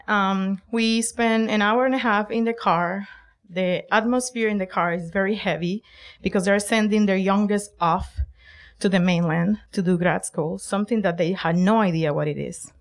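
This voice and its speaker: A middle-aged woman from Puerto Rico telling a personal story, lively and emphatic, acting out quoted lines. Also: mid-range voice. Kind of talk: personal story told to an audience.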